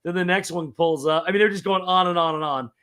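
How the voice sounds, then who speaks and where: A man from Indiana hosting a casual chat, telling stories in an animated way and chuckling often. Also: sits high, quick pace, clear, resonant tone. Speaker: podcast host.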